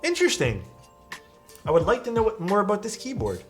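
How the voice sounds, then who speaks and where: A man's voice: high voice, wildly swooping pitch, fairly quick, faint music behind. A man casually commenting on viewers' keyboard photos during a live stream, easygoing and full of praise. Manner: enthusiastic, easygoing, lots of praise.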